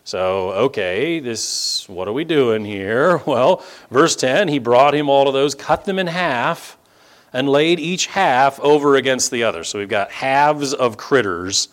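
A man's voice: medium pitch, animated, unhurried. A male pastor preaches in an easy, conversational way and often breaks off into asides. His voice sits in a middle register but swings about a lot as he stresses points. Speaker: pastor and teacher. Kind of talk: sermon.

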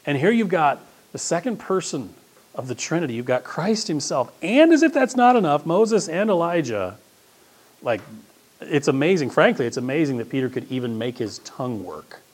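A middle-aged man preaching a sermon as pastor, swinging between loud emphasis and hushed, quiet asides. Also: fairly high pitch, big pitch swings, moderate pace.

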